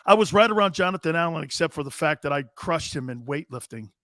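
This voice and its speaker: A man's voice: fairly high pitch, fast talker, dry recording, studio quality. A man in his fifties hosting a sports talk show, telling boisterous, rambling anecdotes with emphatic restarts. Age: 50s. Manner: animated, emphatic storyteller.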